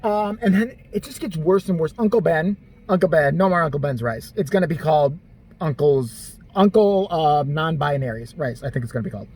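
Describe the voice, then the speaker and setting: A man's voice: fairly quick, slightly rough. A man ranting on a vlog, exasperated and crude, swearing constantly. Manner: animated, jumps between high and low pitch. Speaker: vlogger. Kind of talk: profane comedic rant.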